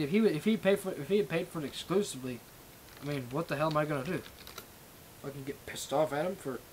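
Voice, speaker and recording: A man's voice: fairly high pitch, slight background noise, poor audio. A young man hosting a livestream, ranting in a rambling, profane way with lots of restarts. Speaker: livestream host. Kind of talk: ranting casual monologue.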